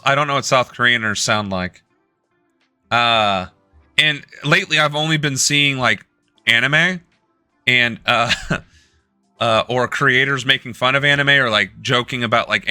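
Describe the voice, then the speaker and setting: A man's voice: mid-range voice, a little slow, bright, forceful tone, smooth, no room sound, faint music behind. Brief: young male streamer from the US, sarcastic and foul-mouthed political rant, tense edgy voice, dry close sound. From United States. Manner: profane, sarcastic ranting. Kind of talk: live-stream political commentary.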